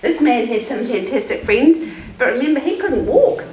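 Expressive children's storyteller, woman, lively pitch, distant roomy sound. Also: normal speed, a crowd in the background. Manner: animated, expressive, asking the children questions. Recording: roomy, distant mic, faint noise.

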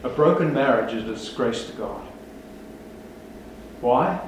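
A pastor with a medium-pitched, lively voice preaches an emphatic, rousing sermon at an unhurried pace, putting rhetorical questions to his congregation. He's far from the mic in an echoey large church hall, with a little hiss or hum.

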